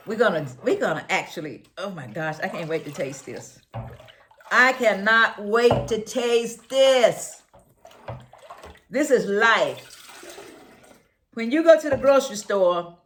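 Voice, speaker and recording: Woman, 70s, higher voice, repetitive preachy vlogger, faint background hiss. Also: a bit bright, roomy sound, low-quality recording. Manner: exclamatory and preachy, repeats phrases. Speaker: health vlogger. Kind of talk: casual chat while juicing.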